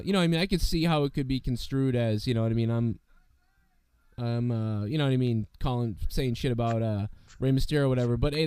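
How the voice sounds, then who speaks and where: Hoarse-voiced man hosting a wrestling chat. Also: medium pitch, a little mellow, no echo. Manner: rambling, many fillers. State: sick, voice worn. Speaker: wrestling podcast host. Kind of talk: casual chat.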